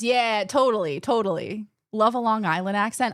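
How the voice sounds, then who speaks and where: Here a medium-pitched woman talks at a moderate pace with hardly any pauses, captured dry and clean. Young and from Illinois, with a faint Midwestern and West Coast accent blend, she's an animated live streamer who reads chat aloud, laughs frequently, and swears casually.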